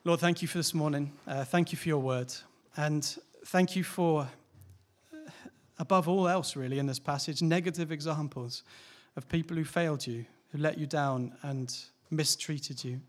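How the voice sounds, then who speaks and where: A pastor preaching with a slightly higher-than-average voice. He talks in a candid, conversational way, often asks his listeners questions and laughs lightly. It is a relaxed sermon, not a formal address. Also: normal speed.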